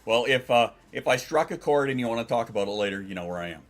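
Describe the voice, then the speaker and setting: A man's voice: medium pitch, animated, fast, soft background music. A man chatting casually on a livestream, reading chat aloud and replying in a rambling, profane way with frequent restarts. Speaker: streamer.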